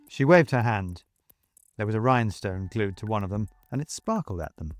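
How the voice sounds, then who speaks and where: A man narrating a story in a steady, measured way. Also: lowish voice, soft background music. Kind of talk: audiobook storytelling.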